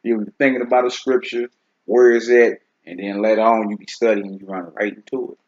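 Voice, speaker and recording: A man's voice: on the low side, flat delivery, a little fast, darkish tone. A man hosting a casual Bible teaching talk, speaking in a laid-back, conversational way and often checking "you see what I'm saying?". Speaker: host teaching scripture. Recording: dull lo-fi recording.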